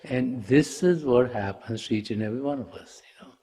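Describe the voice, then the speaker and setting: A man's voice: mid-range voice, brisk, warm tone. A man giving a spiritual talk as a teacher, telling a parable in a conversational way and often saying "you know".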